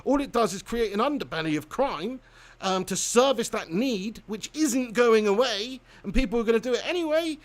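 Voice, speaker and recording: A man's voice: extremely high pitch, expressive, moderate pace. A man hosting a live stream, chatting casually and giving rambling, opinionated views with repeated words. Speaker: host of a live match watch-along.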